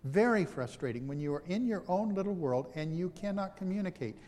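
A man's voice: sits high, animated, a little fast, a little mellow. Man preaching, long hall reverb. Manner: conversational, self-deprecating storytelling. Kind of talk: sermon.

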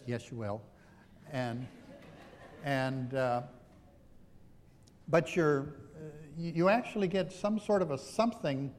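A man's voice: fairly high pitch, long reverb tail. A man preaching a sermon in a conversational, self-deprecating storytelling manner.

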